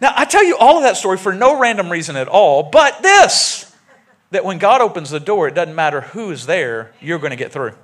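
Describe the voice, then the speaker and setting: A male pastor preaching a sermon in a church, animated and joking as he tells stories. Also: high voice, fairly quick. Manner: animated, jokey storytelling preaching. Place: church sanctuary.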